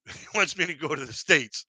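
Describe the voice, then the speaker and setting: On a live stream, this man from Canada does stand-up storytelling, rambling through self-deprecating tales and cracking himself up. His voice sits a little high, with a bright, forceful tone captured in a dry recording.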